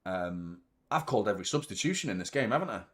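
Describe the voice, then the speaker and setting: Manc guy hosting a footy watchalong, excitable, yells at the telly, swears a lot. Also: lowish voice, fast talker. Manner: excitable, swears, shouts at the play. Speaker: football watchalong host. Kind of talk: live match reaction commentary.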